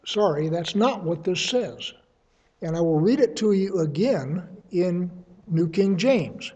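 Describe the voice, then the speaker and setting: Man, high voice, mellow tone, conversational Bible teaching, slightly muffled recording. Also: lively intonation, slow pace, slightly rough. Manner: conversational, explains with homely examples. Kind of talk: sermon.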